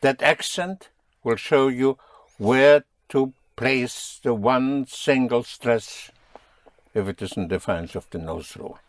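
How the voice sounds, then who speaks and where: A man's voice: medium pitch, takes it slowly, dry recording. A man teaching a language lesson, patiently quizzing his students and explaining rules. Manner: patient, drilling students with questions.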